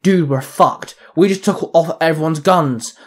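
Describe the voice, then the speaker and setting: A man's voice: a little high, a little slow, natural voice. A man voicing a worried young male gang member in a spoken story. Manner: huffing, questioning.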